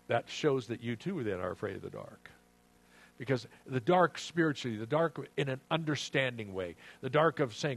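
Earnest man preaching a sermon. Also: mid-range voice. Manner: earnest, conversational preaching with rhetorical questions; reads scripture aloud with slow emphasis. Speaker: pastor.

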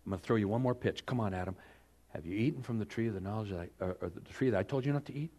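A man doing a hushed, coaxing fatherly God. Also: rapid-fire, natural voice. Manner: low, hushed, urging.

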